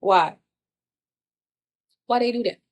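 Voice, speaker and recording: Speaking slowly and at a fairly high pitch, a woman vlogger unloads her frustrations in a casual spiritual monologue. She curses freely and asks the same rhetorical questions again and again.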